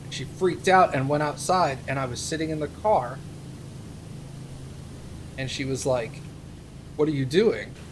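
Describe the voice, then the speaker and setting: A man's voice: fairly high pitch, unhurried, long pauses, a little hiss or hum. A young man, a streamer, telling a rambling story in casual chat, with plenty of fillers. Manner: rambling anecdote with many fillers.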